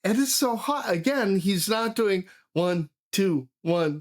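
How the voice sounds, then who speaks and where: A man's voice: high voice, animated, slow pace. A man hosting a live music reaction, enthusiastic, swearing and humming drum beats. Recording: music playing behind.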